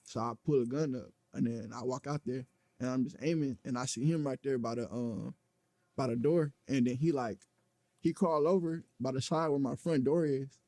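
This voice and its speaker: A man's voice: mid-range voice, normal speed, mellow, dry recording. A man recounting a personal story in an interview, blunt and profane, rambling with plenty of fillers. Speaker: interview guest.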